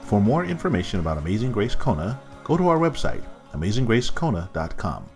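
A male announcer reading a measured, scripted outro for a church. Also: lowish voice, wildly swooping pitch, darkish tone. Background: music.

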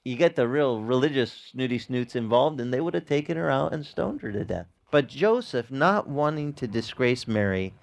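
A man's voice: lively intonation, moderate pace, creaky, hardly any pauses. A man preaching a sermon in a casual, conversational way, acting out short dialogues. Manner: conversational, acts out little dialogues with jumps in pitch.

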